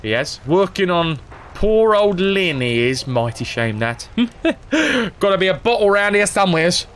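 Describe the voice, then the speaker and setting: Picture a rowdy, hard-drinking thief, gruff and loud, his voice swinging all over the place, as a man puts him on. He is chummy and rough and never bothers with manners. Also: high-pitched, very animated, a little slow, voice pushed up, exaggerated voice. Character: boozy gruff middle-aged male thief.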